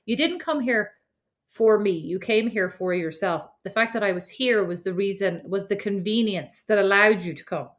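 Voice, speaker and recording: A woman with an Irish accent co-hosting a podcast in casual chat, animated and argumentative. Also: medium pitch, normal speed. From Ireland. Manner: animated, argumentative, laughs easily. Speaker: podcast co-host.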